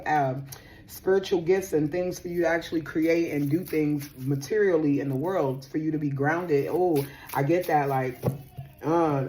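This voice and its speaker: Sassy young black-woman reading tarot, lowish voice, bit of hiss behind. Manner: sassy, animated, swears casually. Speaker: tarot reader.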